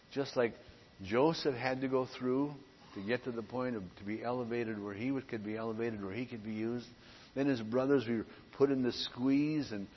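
A male pastor preaches in an earnest, conversational way, stopping often between phrases. The sound is dull and muffled. A long hall reverb trails behind every word, with a faint hiss underneath. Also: mid-range voice. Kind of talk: sermon.

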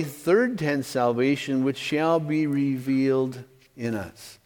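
A man's voice: a little high, expressive, unhurried. A man preaching an expository sermon, stressing key words and checking in with his listeners. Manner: emphatic, stresses key words, asks 'okay?'. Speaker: pastor. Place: church hall with overhead projector. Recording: long hall reverb.

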